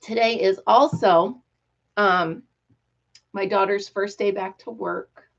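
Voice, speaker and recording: A middle-aged woman hosting a casual live stream, talking excitedly and telling stories with quoted voices. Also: mid-range voice, takes it slowly, creaky. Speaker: livestream host. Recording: dull lo-fi live-stream audio.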